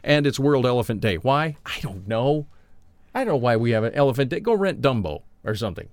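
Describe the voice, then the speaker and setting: A man's voice: mid-range voice, animated, brisk. A man hosting a casual radio show, joking around and putting on silly voices while reading the day's history. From United States. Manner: jokey, playful, puts on silly voices. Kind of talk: casual morning radio chat.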